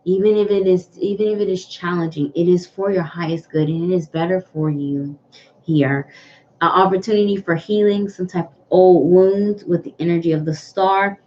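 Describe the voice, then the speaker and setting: A woman hosting a live tarot reading, speaking earnestly to viewers and often repeating herself. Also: fairly low pitch. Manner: earnest, repetitive, greets viewers by name. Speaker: tarot reader hosting a livestream. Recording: dull lo-fi livestream audio with faint noise.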